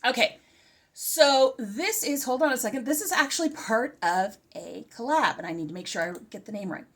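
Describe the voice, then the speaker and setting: A woman's voice: fairly high pitch, normal speed. A middle-aged woman in a casual, chatty homeschool curriculum review, slightly out of breath and often interrupting herself. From California. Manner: chatty, animated, self-interrupting. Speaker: homeschooling vlogger.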